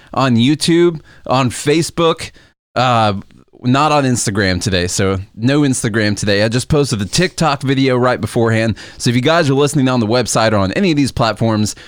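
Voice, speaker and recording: A man's voice: mid-range voice, no echo, clean studio sound. A man hosting a casual podcast, joking with his co-host and plugging the show.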